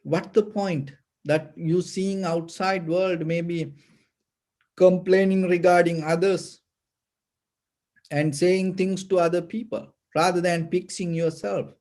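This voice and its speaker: Man, Buddhist teacher, sermon, very slow pace, dark mellow tone, halting delivery. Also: high voice, fairly even intonation. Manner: halting, with fillers and restarts.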